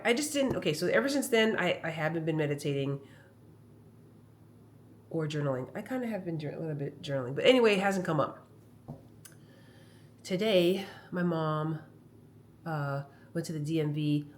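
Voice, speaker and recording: A woman comedian with a deep voice chats casually into her phone camera at home, rambling through animated stories in a vlog monologue. A little hiss or hum sits under the recording.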